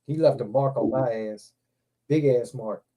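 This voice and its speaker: A man hosting a livestream, telling rambling, profane anecdotes in a loose, animated way. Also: medium pitch, a little slow. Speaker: livestream host. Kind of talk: casual storytelling chat.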